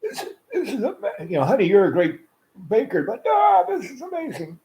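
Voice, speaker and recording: A man's voice: on the high side, expressive, moderate pace, a little mellow, pitched above the performer's own voice, low-quality recording. A man voicing his elderly father, who is delighted and easily won over, breaking into laughter.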